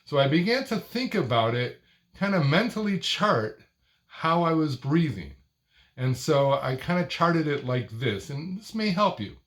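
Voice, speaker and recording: An older man teaching speech technique, talking in short, deliberate phrases with a stressed word near the end of each one. His delivery is expressive and almost sing-song. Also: on the high side. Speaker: speaking coach. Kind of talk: instructional talk to camera.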